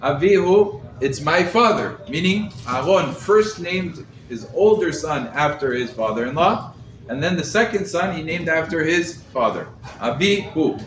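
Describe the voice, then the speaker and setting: Man, rabbi, higher voice, animated teaching, echoey room, distant mic. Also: a little slow. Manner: animated teacher, quizzes listeners, Hebrew terms. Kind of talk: Torah class to a live group. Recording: roomy echo, mic set far off, faint background noise.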